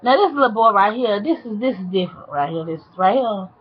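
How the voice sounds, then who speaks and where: A woman telling a casual story in a sassy, animated way, with drawn-out asides. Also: mid-range voice, husky, muffled recording. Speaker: vlogger.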